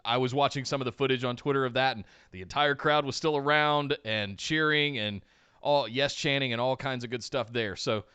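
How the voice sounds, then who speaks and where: A man's voice: medium pitch, brisk, pushed and bright, clear, resonant tone, no room sound. A man co-hosting a casual wrestling podcast, recapping a show with enthusiasm and many fillers. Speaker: podcast co-host.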